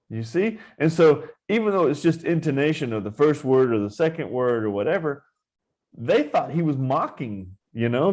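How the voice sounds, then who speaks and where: A man who teaches Zen meditation, giving an informal dharma talk in a relaxed, conversational way. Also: mid-range voice.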